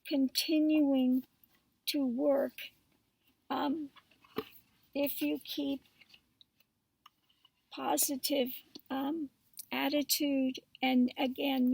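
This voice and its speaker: A woman tarot reader talking casually and spiritually to her viewers, slow and halting with many pauses and fillers. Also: sits high, gravelly, darkish tone, no echo, recorded from a distance. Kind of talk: casual spiritual talk to camera.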